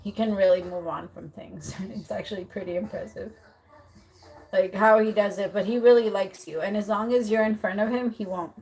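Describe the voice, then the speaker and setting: On a poor-quality recording, a woman with a medium-pitched voice talks at a normal speed while giving a casual live tarot reading. She rambles loosely with many fillers and vividly acts out the man's thoughts, swearing as she speaks for the client's partner.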